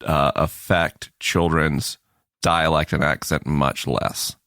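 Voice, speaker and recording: A man's voice: extremely low pitch, little pitch movement, slow pace, bright, forceful tone, no room sound. A man with a Florida Panhandle Southern accent, trading casual podcast banter as a guest co-host with dry, understated asides.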